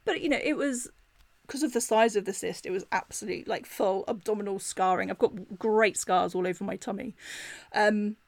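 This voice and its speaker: A middle-aged woman, hosting a personal storytelling podcast in a chatty, animated way, full of "like" fillers. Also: mid-range voice, moderate pace, no room sound. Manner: animated retelling with laughs. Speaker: podcast host.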